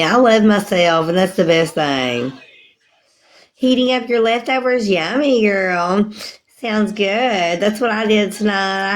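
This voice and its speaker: A woman's voice: medium pitch, rough recording. A woman rambling casually to her viewers on a live stream, laughing often. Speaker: livestreamer.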